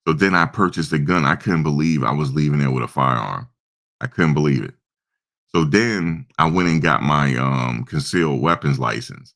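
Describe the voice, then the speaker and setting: A man from New Jersey with an extremely deep voice tells a casual personal anecdote. He is a young adult and an animated storyteller who slips into the voices of the people he quotes. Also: moderate pace.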